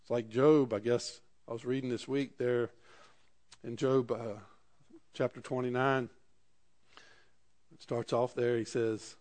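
A man's voice: mid-range voice, little pitch movement, unhurried, long pauses, darkish tone. A man preaching a sermon, reading scripture aloud and explaining it in everyday words. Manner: reads scripture aloud and paraphrases it in plain speech.

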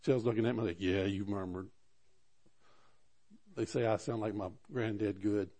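A man's voice: lowish voice, fairly even intonation, fairly quick, warm tone. A middle-aged man preaching a sermon, reading scripture aloud, asking the congregation questions, and often stammering and restarting.

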